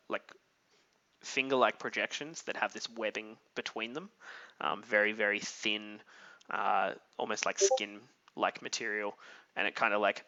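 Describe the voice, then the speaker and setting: A man running a tabletop game as game master, his voice fairly low but bright and forward. He describes the scene haltingly, stopping often to think. The audio is dull and lo-fi, like voice chat.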